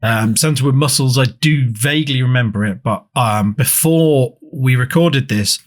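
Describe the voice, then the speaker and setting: A man's voice: medium pitch, moderate pace. A man from England co-hosting a laid-back podcast. He tells rambling anecdotes in casual chat and swears freely. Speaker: podcast co-host.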